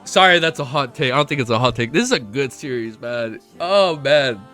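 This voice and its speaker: A young man live-streaming a reaction, reading a novel aloud and chatting excitedly, swearing a lot, with a stuffy nose and close to tears. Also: mid-range voice, a little fast, soft background music.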